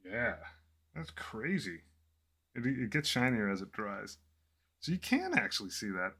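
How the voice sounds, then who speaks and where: Unhurried and husky, with a fairly low voice, a man muses to himself while painting a miniature at home in a small office. He stays relaxed and pokes fun at himself.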